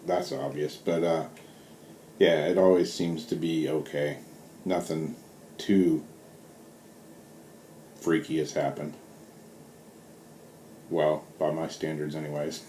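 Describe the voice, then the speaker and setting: A very low, mellow male voice with a Southern US drawl, unhurried and rambling with plenty of ums and uhs. He sounds middle-aged and speaks casually to his viewers. The room is echoey, with a faint hiss behind him. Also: little pitch movement. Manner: laid-back, rambling, full of fillers. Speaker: vlogger. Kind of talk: casual storytelling vlog. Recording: roomy with faint background hiss.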